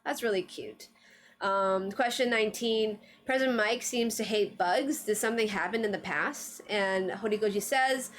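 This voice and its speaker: A woman's voice: mid-range voice, normal speed, slight background noise. Chatty woman streamer, laughing often. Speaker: streamer reviewing anime trivia. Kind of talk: casual livestream chat.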